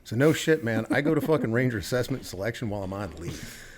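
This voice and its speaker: A man's voice: mid-range voice, lively intonation, fast talker. A middle-aged man from the United States, a retired Army officer and podcast guest. He tells stories casually and bluntly, with swearing and quoted dialogue. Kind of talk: casual interview storytelling.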